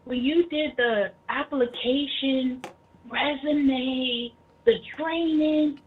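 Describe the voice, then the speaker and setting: Brief: high-pitched, husky woman, animated teasing banter, dull lo-fi sound. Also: extremely slow. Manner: animated, teasing, laughs often. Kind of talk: casual teasing chat.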